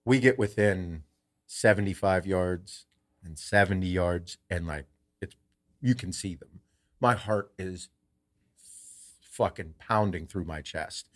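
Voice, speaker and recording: A man hosting a podcast, telling a story in a casual, animated way and swearing freely. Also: deep voice, slow pace, pauses often. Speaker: podcast host.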